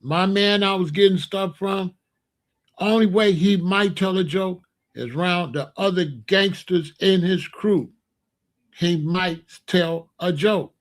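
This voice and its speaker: A man's voice: high-pitched, takes it slowly. A man telling a street story in a repetitive, emphatic monologue. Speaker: podcast host.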